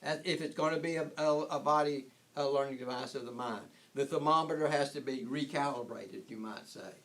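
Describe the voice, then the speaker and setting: A man's voice: mid-range voice, brisk, fairly bright tone. An older man giving an informal spiritual talk, rambling with frequent restarts and chuckling at his own points. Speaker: spiritual teacher.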